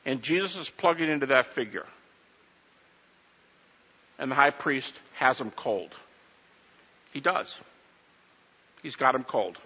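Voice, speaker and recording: A man giving an emphatic, animated lecture on scripture to a live audience and asking them questions, recorded as dull audio in a large hall. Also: mid-range voice, slightly rough.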